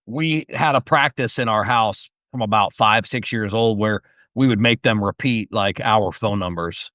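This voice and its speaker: A middle-aged man in casual podcast conversation, easygoing and quick to agree with the other speaker. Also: on the low side, bright, forceful tone, no echo, clean studio sound. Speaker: podcast co-host or guest. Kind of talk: casual chat.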